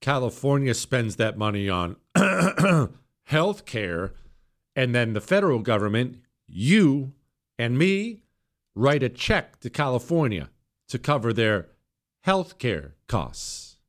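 A hoarse male talk radio host in mid-rant. His voice sounds worn and close to giving out, but he keeps pushing, punching some words up high and loud, then dropping into sarcastic asides. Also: very animated, takes it slowly. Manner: emphatic, sarcastic, swings between loud jabs and low mutters. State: hoarse, voice nearly gone. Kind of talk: opinionated political talk radio monologue.

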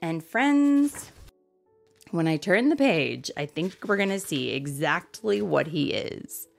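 A woman reads a children's storybook aloud at a slow, unhurried pace, her voice soft and often dropping to a whisper. Her intonation swoops and rises animatedly as she adds asides for her listeners, with faint music underneath. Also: fairly low pitch, animated, creaky. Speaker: storybook reader.

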